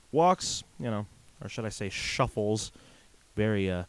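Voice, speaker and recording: A man's voice: fairly low pitch, expressive, a little slow, pauses often, dry recording. A man hosting a podcast alone at a microphone, telling a long story in a casual, rambling way, full of "uh" fillers and restarts. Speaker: podcast host. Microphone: desk microphone.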